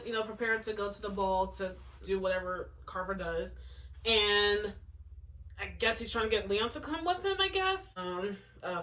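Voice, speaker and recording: A young woman talks slowly through her own clumsy old story, giggling and making sarcastic, overdramatic comments. Her voice is bright and a little high. She sits in her bedroom at some distance from the mic, so she sounds slightly far off. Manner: giggly, mock-dramatic, sarcastic asides. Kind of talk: casual commentary while reading aloud.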